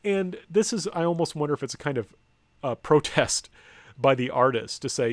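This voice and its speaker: Working through his slides, an American man talks in a rather high voice with lively intonation at a moderate speed, and there's no echo. His style is conversational yet hesitant, with repeated ums, restarts, self-corrections, and dry side comments.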